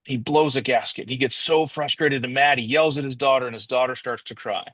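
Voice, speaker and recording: Man, motivational storytelling, casual rambling delivery, mid pitch, dry close recording. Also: a little fast, a bit bright, no room sound. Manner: casual and rambling, restarts often, addresses listeners as guys.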